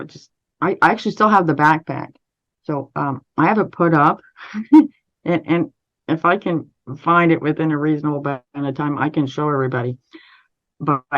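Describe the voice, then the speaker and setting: A Canadian woman, an interview guest, recounting a personal story in a measured, steady way with frequent restarts. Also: low voice, lo-fi sound.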